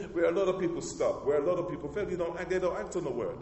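A male pastor with a slightly higher-than-usual voice preaches to his congregation. His delivery is emphatic, and he often calls the room to answer back. He repeats and restarts phrases as he goes, and his voice rings through a reverberant church hall. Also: expressive, fast, darkish tone, slight background noise. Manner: emphatic preaching with call-and-response. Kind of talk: sermon. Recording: echoey hall with long reverb.

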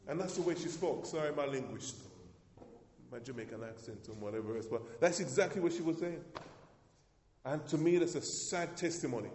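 A male pastor delivering a sermon in a church hall, his mellow, warm voice carrying a long echo around the room. He preaches emphatically, repeating words and lifting his pitch to drive points home. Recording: echoey hall.

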